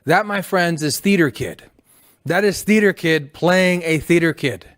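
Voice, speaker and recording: Playful man, slightly high voice. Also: measured pace, fairly bright tone. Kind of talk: political commentary.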